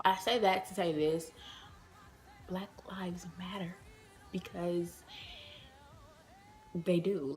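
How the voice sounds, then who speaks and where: Chatty woman telling a storytime vlog. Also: deep voice. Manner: chatty, many fillers, addresses viewers as y'all. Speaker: vlogger.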